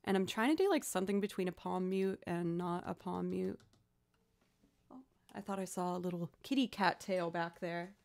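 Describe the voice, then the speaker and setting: A woman's voice: on the low side, moderate pace, vocal fry, darkish tone. Chatty woman streaming music live. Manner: chatty, thinking aloud while playing. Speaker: live-streaming violinist and looper. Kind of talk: casual live-stream chat.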